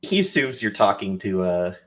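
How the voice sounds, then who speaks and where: A man playing a tabletop role-playing game, narrating his character in a hesitant, low-key way. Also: very animated, moderate pace, fairly bright tone. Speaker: player.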